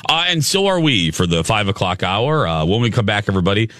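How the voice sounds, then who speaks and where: A man's voice: lowish voice, big pitch swings, fast, a bit bright, no room sound, studio quality. A man hosting a radio show, chatting casually and leading the segments and breaks. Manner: upbeat, chatty, runs the segment. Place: radio studio. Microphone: studio microphone.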